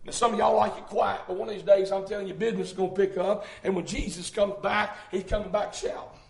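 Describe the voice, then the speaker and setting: A man preaching, his voice sitting very high for a man. He drives his points with repeated phrases and breaks into loud shouts. The sound rings around a roomy church hall. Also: little pitch movement, fast, gravelly. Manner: fervent, shouting bursts, rhythmic repetition. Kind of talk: sermon.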